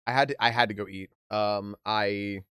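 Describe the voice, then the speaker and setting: A man's voice: fairly low pitch, fairly even intonation, normal speed, pushed and bright, smooth, no room sound, clean studio sound. A man streaming a game live, chatting casually with his viewers and greeting them by name. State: hiccuping.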